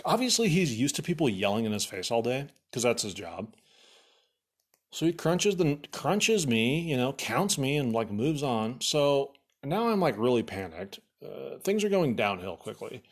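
A man's voice: medium pitch, a little slow, breathy edge. A man casually telling a rambling story, swearing freely and filling it with "like.". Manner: profane, rambling with many "like" fillers; animated, exasperated retelling.

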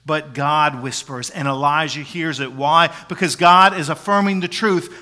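A man preaching with a bright, forceful voice that sits a little high for a man. He swings from loud, driving emphasis down to hushed whispers. The sound carries the long reverb of a large sanctuary. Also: normal speed, few pauses. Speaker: pastor. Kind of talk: sermon. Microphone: handheld microphone.

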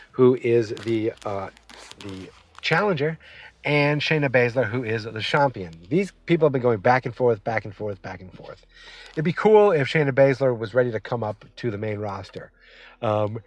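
A man's voice: medium pitch, no echo. A man talking casually while driving, rambling and going off on tangents. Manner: rambling, tangent-prone, chatty. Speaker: wrestling vlogger. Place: inside a moving car.

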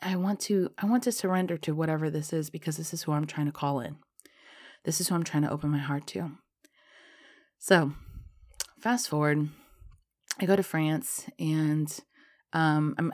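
A woman with a notably low speaking voice tells a personal story to her viewers. She is chatty and loose, leans on fillers, and slips into lively acted-out dialogue as she goes. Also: normal speed. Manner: chatty, lots of fillers like "um" and "you know".

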